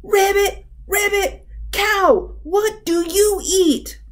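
A woman voicing a loud, brash little male frog who shouts in a very high, squeaky voice. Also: drawn-out words, full character voice.

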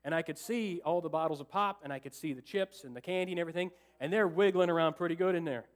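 A man with a bright, high-pitched voice delivers a sermon as pastor. He tells a story with lively energy, acting out what went through his head and joking with the congregation. He is preaching in a church sanctuary. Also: quick pace. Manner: animated, acts out his own thoughts and jokes with the congregation.

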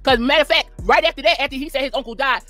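Rapid-fire indignant woman, cursing. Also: high voice, a bit bright, soft background music. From Philadelphia. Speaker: guest. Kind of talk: heated casual storytelling.

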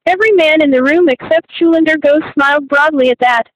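A woman's voice: sits high, a little fast, no room sound, rough recording. A woman reading a novel aloud as an audiobook narrator, in scripted narration.

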